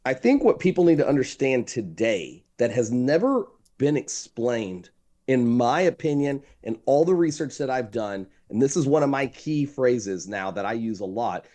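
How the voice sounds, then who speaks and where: A man talking as a marketing guest in a relaxed interview, telling stories with emphasis. His pitch swings widely and keeps his delivery animated, and his voice sounds warm and mellow. He leans on his key phrases and repeats them. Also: normal speed. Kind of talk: conversational interview storytelling.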